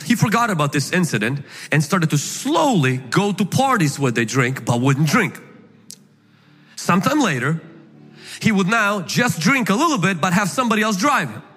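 A male pastor preaching a sermon, emphatic and animated, at times shouting his points. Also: high-pitched, husky. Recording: echoey hall with faint music.

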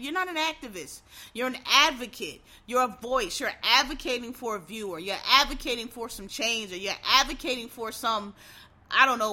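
Blunt, profane woman ranting. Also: a little high. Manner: blunt, profane, restarts a lot, animated. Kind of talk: casual opinion rant.

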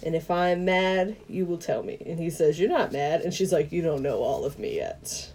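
A woman podcast co-host casually retelling a movie's plot, laughing often and acting out the characters' lines. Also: on the low side. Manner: animated storytelling, quick to laugh, acts out quoted lines.

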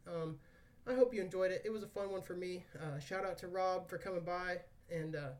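Winded from squats, a man hosting a podcast speaks a little fast in a voice that sits high, sounding distant from the microphone. He keeps it casual, joking around and dropping the odd swear word.

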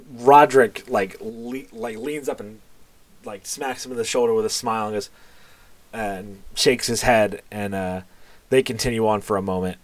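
A man narrating as game master in a tabletop game, hesitant with many fillers, over a voice call. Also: medium pitch.

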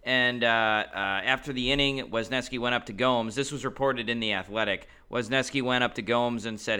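A man co-hosting a casual podcast, speaking in a relaxed way with many "um"s and "uh"s. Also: medium pitch, normal speed, hardly any pauses, clear, resonant tone. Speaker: podcast co-host. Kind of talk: casual chat.

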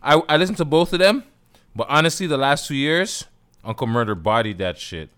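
Laid-back man with a smooth voice. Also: fairly high pitch, animated, fairly quick, a bit bright. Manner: laid-back, slangy, often says "yo". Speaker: co-host. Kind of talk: casual podcast chat.

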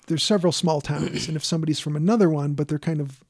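A man's voice: on the high side, fast, darkish tone, dry recording, clean studio sound. A man from the Chicago area, a podcast co-host telling rambling stories full of fillers. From Chicago area, USA. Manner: rambling storytelling with many fillers. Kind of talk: casual chat.

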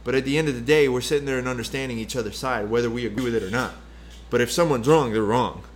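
A man making his case in casual podcast talk, blunt and heavy with swearing. His voice sits at an ordinary pitch, with faint room ambience underneath. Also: quick pace, a little hiss or hum. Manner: blunt, profane, emphatic. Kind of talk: casual heated chat.

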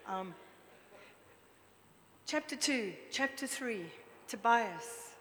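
A woman preacher giving a lively, chatty sermon, drawing the congregation in with questions. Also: medium pitch, moderate pace. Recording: long reverb with faint background noise.

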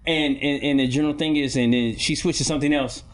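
A man's voice: steady tone, quick pace. Man telling stories in casual chat. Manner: rambling storyteller, acts out quotes with raised pitch.

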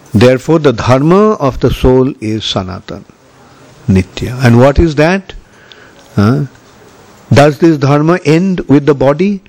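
An older man giving a scripture lecture, measured and pausing often with fillers. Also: medium pitch, darkish tone. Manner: slow, measured, many pauses and fillers. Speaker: spiritual teacher. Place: Ujjain, India.

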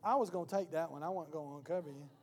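A male pastor giving a sermon in a church, telling an animated story and acting out its scenes. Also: on the high side, very fast. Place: church hall. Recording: long reverb of a church hall.

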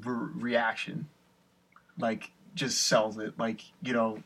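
A young man chats casually, swearing and repeating words as he enthuses. His tone is bright. He sounds a little distant from the mic. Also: on the low side, level tone, takes it slowly, vocal fry. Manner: loose, profane, repeats words while enthusing. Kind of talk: casual chat.

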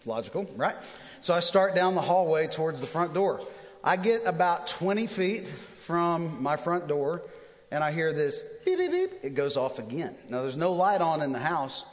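Male pastor in his thirties, higher-pitched voice, animated storyteller, sermon in a big echoing hall. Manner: animated storyteller, self-deprecating humor. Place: church auditorium. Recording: long hall reverb.

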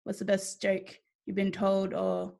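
A woman with a gravelly, creaky edge to her voice hosts a casual chat. She sounds relaxed and loose, throwing questions to the group. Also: medium pitch, unhurried. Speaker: host.

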